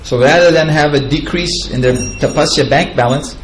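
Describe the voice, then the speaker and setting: A man's voice: fairly high pitch, moderate pace, slight background noise, rough recording. A man giving a devotional lecture, retelling scripture in a chatty, digressive way and chuckling at his own asides. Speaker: spiritual teacher.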